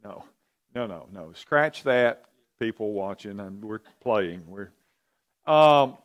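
A man's voice: on the low side, expressive, slow, lo-fi sound. A man leading an interactive church teaching, conversational, asking the audience questions and often repeating himself. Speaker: pastor or Bible teacher.

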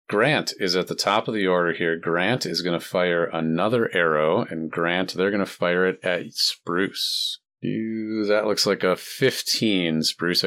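Low-voiced man running a tabletop game. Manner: relaxed, explains rules with fillers. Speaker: dungeon master.

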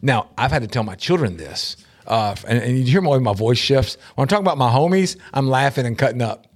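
A middle-aged man co-hosting a casual talk show, animated and laughing often as he acts out quotes in shifting voices. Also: mid-range voice, fairly quick. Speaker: podcast co-host. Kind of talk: casual chat.

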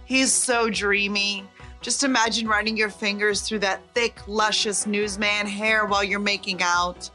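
An actress playing a gushing, flirty wife in a comedic audio play. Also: female voice, mid-range voice, steady tone, a little slow, bright, forceful tone, soft background music. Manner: gushing, breathless.

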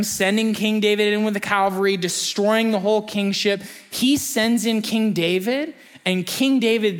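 A preacher giving a sermon, conversational and story-driven, often acting out short quotes. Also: mid-range voice.

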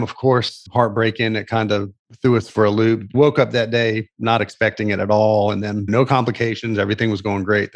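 A man's voice: fairly low pitch, vocal fry. A middle-aged man, a guest on an interview, telling a personal story in an earnest, reflective way. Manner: earnest, reflective, gentle pacing with restarts. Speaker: interview guest, animation producer and author.

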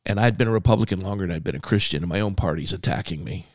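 Pastor guy telling a story, lowish voice, dry close sound, gets animated doing the old man's lines. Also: very fast, dry recording. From California. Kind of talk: storytelling in a podcast conversation.

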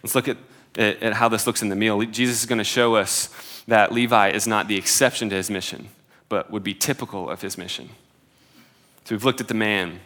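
A man in his twenties preaches a sermon in a casual, conversational style, full of filler "like"s and self-deprecating humor. His voice is on the low side and a bit bright, with a steady tone and a slightly fast pace.

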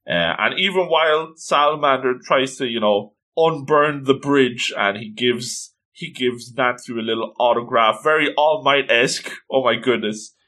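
A man's voice: medium pitch, normal speed, few pauses, sharp tone. A man casually recapping a cartoon episode in a playful, chatty way, slipping in character voices. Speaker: anime recap host.

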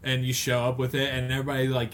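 A man's voice: medium pitch, completely flat delivery, fast, slight background noise. A man co-hosting a podcast, chatting casually and joking, with silly voices thrown in for people in his stories. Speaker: podcast co-host. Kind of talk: casual comedic chat.

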